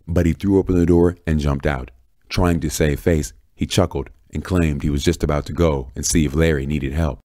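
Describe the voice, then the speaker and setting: Deep-voiced male audiobook narrator. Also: fairly even intonation, warm tone, dry recording, studio quality. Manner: deep, measured storytelling. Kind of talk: scripted narration.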